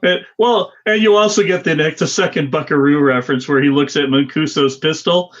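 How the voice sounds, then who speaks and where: A man's voice: a little high, steady tone, fairly quick, dull audio. A man co-hosting a film podcast, chiming in with short agreements and filling in scene details. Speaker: podcast co-host. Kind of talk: casual movie-review chat.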